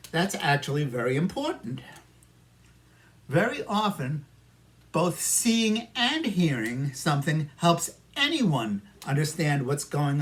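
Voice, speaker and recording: A man with a New York accent teaching an English listening lesson, talking patiently to students and echoing their answers. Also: a little high. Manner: slow, patient, talks to imagined students and answers for them. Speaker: ESL teacher. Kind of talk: simulated classroom micro lesson.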